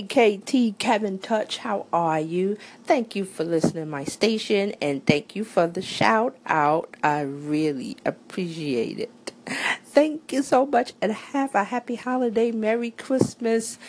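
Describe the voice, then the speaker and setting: A woman's voice: medium pitch, expressive, slow, darkish tone. A woman who runs a station, calling in with a thankful holiday message. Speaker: caller, station owner.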